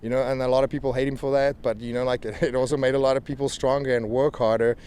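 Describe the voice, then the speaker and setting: A man's voice: medium pitch, level tone, quick pace, darkish tone, smooth. A man from South Africa with a hybrid South African and American accent, talking casually as an interview guest, laughing often and rambling with restarts. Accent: South African mixed with American. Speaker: professional wrestler guest. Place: outdoors near a helicopter. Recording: faint outdoor noise with helicopter.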